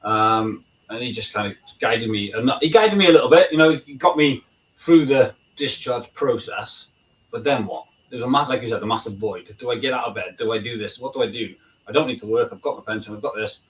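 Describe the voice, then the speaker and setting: A man's voice: mid-range voice, fairly quick. A man, a British army veteran, talking candidly and bluntly in a casual chat, swearing freely and often asking "right?". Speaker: veteran guest. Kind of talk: casual video-call chat. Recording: distant mic with faint noise.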